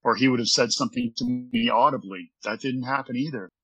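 A former baseball pitcher telling an earnest, rambling story from his office during an interview. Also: fairly quick, a bit bright, slightly rough, low-quality recording.

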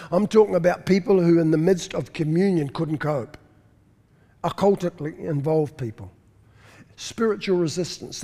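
A male pastor delivers a sermon full of stories. His voice sits a touch high for a man and he drives his points home emphatically, stumbling into repeated words now and then. A long reverb from a large hall trails every phrase. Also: warm tone. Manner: storytelling preacher, emphatic, repeats words when searching.

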